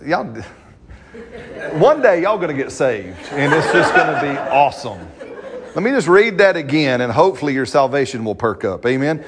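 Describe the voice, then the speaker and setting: A pastor with a fairly high, very animated voice preaches fervently at a church service, drawing out scripture lines slowly for emphasis and punctuating them with frequent amens. The recording is very noisy.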